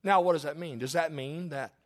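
A male pastor preaching a sermon in a church, folksy and prone to joking asides and excitable storytelling. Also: fairly high pitch, a little fast. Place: church sanctuary.

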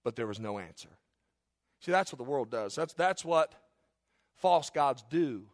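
A man preaching a sermon, moving between loud emphatic peaks and soft hushed passages, and reading scripture slowly and dramatically. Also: medium pitch, lively intonation. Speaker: pastor.

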